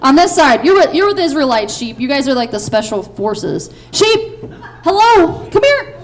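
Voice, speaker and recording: A high, lively woman runs a children's Bible play from the front of a church. Her talk is upbeat and playful, full of quick cheers and stage cues for the kids. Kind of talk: directing a children's Bible skit.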